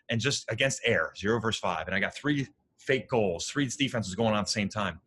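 A male lacrosse coach in casual conversation, telling animated, rambling stories full of fillers. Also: lowish voice, brisk, slight background noise.

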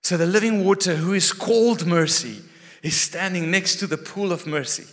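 A man preaching in a large hall with a long, ringing echo. His voice is bright and forceful and sits a little high for a man. He swings from raised, animated lines down to hushed, quiet ones. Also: normal speed. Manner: animated, dramatic shifts between loud and hushed. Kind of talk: sermon. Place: church hall.

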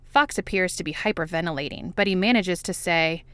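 A woman narrating a fan fiction audiobook in a quiet, even, wry voice. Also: fairly low pitch, brisk, clean tone, dry recording.

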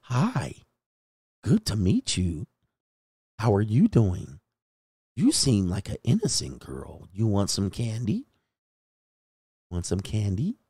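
A gentle, coaxing man speaks slowly in a sing-song lilt, every sentence ending like a question, as a man puts him on. The voice is thinned of bass and dry, right at the mic. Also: sing-song, gravelly, slightly rough, dry recording, full character voice. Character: soft-spoken man talking down to a girl.

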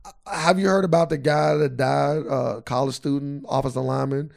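A man's voice: mid-range voice, fairly even intonation, a little fast, creaky, a little mellow. A man co-hosting a podcast, talking in a loose, rambling way with lots of "like". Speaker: podcast co-host. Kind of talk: casual chat.

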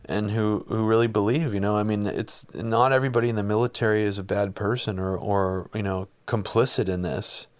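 A man interviewing in a casual conversation, talking in halting, restarting phrases. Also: lowish voice, fairly even intonation, smooth. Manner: halting, restarts often, supportive.

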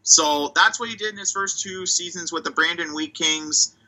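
A man's voice: on the high side, normal speed, pushed and bright, low-quality recording. A man co-hosting a hockey podcast, talking casually and thinking aloud as he weighs prospects and reads out stats. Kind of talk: casual chat.

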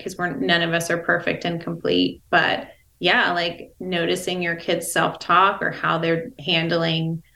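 A woman's voice: on the low side, gravelly, pushed and bright. A woman guest in a reflective conversation, talking thoughtfully with many fillers. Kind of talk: casual conversation. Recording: echoey room.

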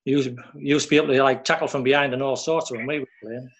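A man's voice: medium pitch, steady tone, quick pace. A man telling a long casual story about his playing days, full of "like" and "you know what I mean". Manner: rambling, lots of "like" and "you know". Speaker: former footballer guest.

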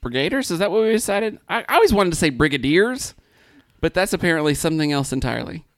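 A woman's voice: on the low side, animated, fast, dry recording, clean studio sound. A woman hosting a casual podcast, joking around and laughing often as she reads the show news. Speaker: podcast host.

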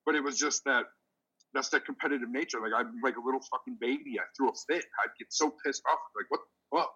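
Middle-aged male lifter host, bright, forceful tone, swears freely, animated storyteller. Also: mid-range voice, fast talker, highs cut off. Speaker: podcast host, veteran powerlifter. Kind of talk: casual chat.

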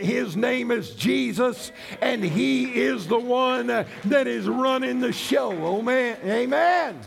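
A middle-aged man preaching, his voice pitched high with a gravelly, fry-laced edge. He swells into shouted emphasis and then drops back to plain talk. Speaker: pastor. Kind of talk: sermon.

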